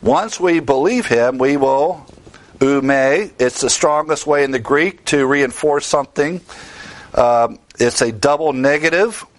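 A man's voice: fairly high pitch, unhurried. A man teaching the Bible in a sermon style, earnest and emphatic, stressing key words.

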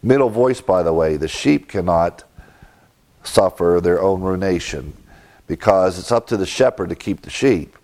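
Low mellow-voiced man teaching scripture. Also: expressive, moderate pace. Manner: methodical, explains Greek grammar. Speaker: pastor. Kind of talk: expository Bible teaching.

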